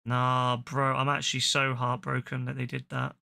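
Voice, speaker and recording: A man's voice: mid-range voice, monotone, normal speed, creaky, bright, forceful tone. A young man ranting and swearing during casual live-stream chat, often repeating himself as he goes. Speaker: game streamer.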